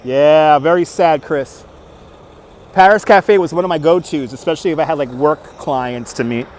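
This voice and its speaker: Man, high voice, casual walking livestream, upbeat, outdoors at night, phone mic, traffic behind. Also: normal speed, a little mellow. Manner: upbeat, reads out and thanks viewer donations. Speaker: livestream walking tour host. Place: outdoors on city streets at night. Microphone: phone on a handheld gimbal.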